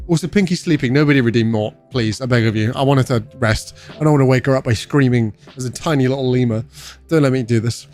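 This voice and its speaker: A man's voice: medium pitch, darkish tone. A young British man chatting casually on a game livestream, joking and answering chat as he goes. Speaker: streamer.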